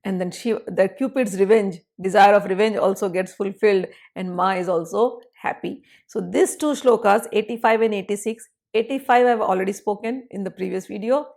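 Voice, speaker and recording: A woman narrating a devotional story and explaining hymn verses as a spiritual teacher, in an animated, conversational way. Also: medium pitch, fairly quick, gravelly, few pauses.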